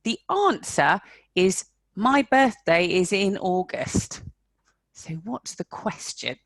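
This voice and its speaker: A woman teaching an online English lesson, speaking slowly and clearly, repeating example questions with exaggerated intonation. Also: mid-range voice, expressive, no echo. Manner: slow, carefully enunciated teaching with exaggerated intonation.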